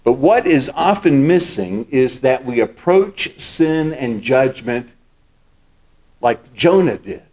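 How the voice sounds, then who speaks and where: A man's voice: mid-range voice, sing-song, slow, darkish tone. A man preaching a sermon as pastor. He explains scripture step by step and repeats key words for emphasis.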